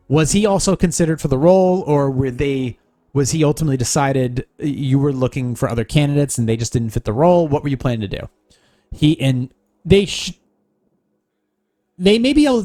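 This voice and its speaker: A man's voice: on the high side, warm tone. A man hosting a solo podcast, giving blunt, sarcastic advice full of swearing. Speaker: podcast host.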